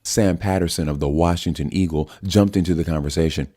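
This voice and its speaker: A man reading a novel aloud as narrator, steady and measured. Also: low-pitched. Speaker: audiobook narrator. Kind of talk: scripted audiobook narration.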